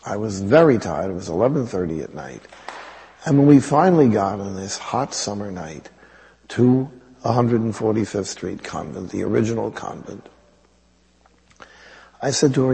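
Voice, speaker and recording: New priest, low warm voice, wry storytelling, long reverb like a big church. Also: male voice, lively intonation, normal speed, gravelly, pauses often. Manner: anecdotal, wry, conversational. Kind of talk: storytelling homily.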